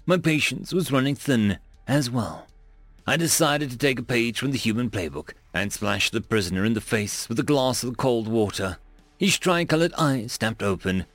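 A man reading a story aloud as the narrator, in an expressive, dramatic manner. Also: mid-range voice, dry recording.

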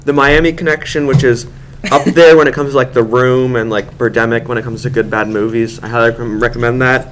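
A man's voice: mid-range voice, fairly even intonation, brisk, a bit bright. A man co-hosting a casual movie podcast, rambling and laughing at himself. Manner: rambling, laughing, self-deprecating. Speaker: podcast co-host. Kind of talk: casual chat. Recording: noisy amateur podcast recording.

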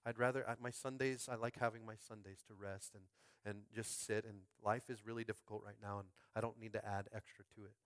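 A man preaching a sermon as pastor, fervent and calling out to his congregation, swinging from quiet musing to shouted climaxes. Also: on the low side, flat delivery, brisk, no echo, clean studio sound. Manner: calls out to the congregation. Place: school space used as a church.

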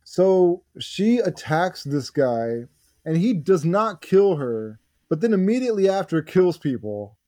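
Mellow-voiced man in dry casual chat. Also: high voice, big pitch swings, measured pace, no room sound. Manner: questioning, corrects details, hesitant with "uh" fillers. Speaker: podcast co-host.

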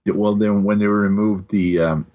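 A man co-hosting a podcast, calmly explaining game details in a casual chat. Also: lowish voice, moderate pace. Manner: matter-of-fact, explaining. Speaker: podcast co-host. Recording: dull lo-fi sound.

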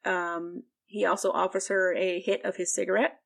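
A young woman co-hosts a podcast and rambles through a casual recap, leaning on fillers as she goes. Her voice sits fairly low and has a lot of vocal fry on it. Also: level tone, moderate pace. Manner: rambling, heavy use of "like", frequent fillers. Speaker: podcast co-host. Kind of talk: casual book recap chat.

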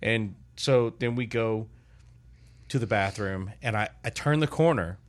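Older guy hosting a podcast, animated story voice, chuckles a lot. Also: lowish voice, unhurried. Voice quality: animated storyteller, loud put-on shouts in quotes. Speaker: podcast host. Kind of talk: casual storytelling chat.

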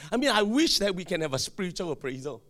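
High, animated pastor. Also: male voice, quick pace. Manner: emphatic preaching with sudden shouted bursts and call-and-response. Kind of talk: sermon.

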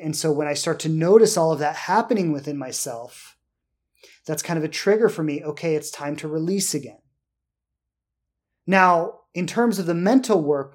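A man speaks in a calm, unhurried voice that sits slightly high for a man. He hosts a solo podcast and thinks aloud, often tagging his sentences with a questioning "right?". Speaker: podcast host. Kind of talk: reflective solo podcast talk.

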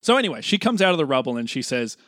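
Brief: male podcast host, playful storyteller, dry close sound, mid pitch. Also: very animated, fairly bright tone, no echo. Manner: playful storytelling, acts out lines in quick voices. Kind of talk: casual chat.

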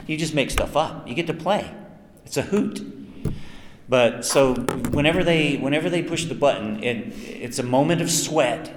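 Chatty voice actor in echoey hall. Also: male voice, mid-range voice, normal speed. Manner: chatty, self-mocking, lively anecdotes with acted quotes. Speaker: voice actor guest at a convention panel. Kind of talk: convention Q&A storytelling. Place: convention panel room. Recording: echoey hall, some noise.

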